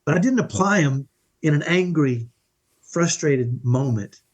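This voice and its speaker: During a conversational interview, a middle-aged parenting coach speaks as a guest in a somewhat high, husky voice, animated but unhurried. He explains his point earnestly and emphatically, repeatedly asking the listener "right?".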